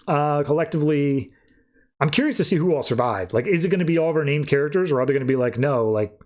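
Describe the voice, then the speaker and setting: A young adult man on a podcast, casually recapping a comic in a loose, rambling way and jumping into quick voices for quoted lines. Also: on the high side, animated, darkish tone. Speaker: podcast co-host.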